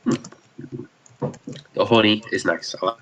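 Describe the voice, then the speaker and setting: A man's voice: on the low side, steady tone, a little slow, a bit bright, a little hiss or hum, rough recording. A man co-hosting a casual podcast chat over beers, teasing and chatty. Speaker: podcast co-host.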